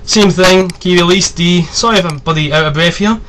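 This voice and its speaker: A man in his twenties giving a casual, rambling tutorial, chatty and quick to swear. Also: sits high, fairly bright tone, a little hiss or hum. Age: 20s. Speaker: video tutorial host. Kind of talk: casual screen-recorded tutorial.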